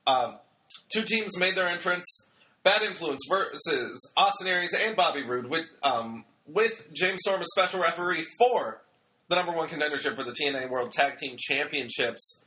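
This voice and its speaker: Bright, chatty young man recapping wrestling. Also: on the high side, lively intonation, moderate pace. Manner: chatty, rambling, joking, acts out quotes. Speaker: wrestling show reviewer. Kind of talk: casual recap commentary.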